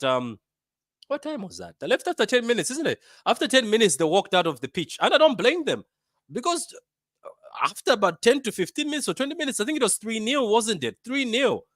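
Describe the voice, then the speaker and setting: A man from Africa hosting a football fan channel, giving a casual match reaction with lively banter and lots of repetition. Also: fairly high pitch, no room sound, clean studio sound. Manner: animated, bantering, repeats himself.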